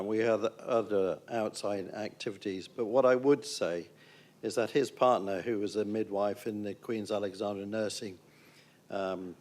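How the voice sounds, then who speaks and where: Low-voiced man, plain council tribute. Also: darkish tone. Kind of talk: council meeting tribute speech.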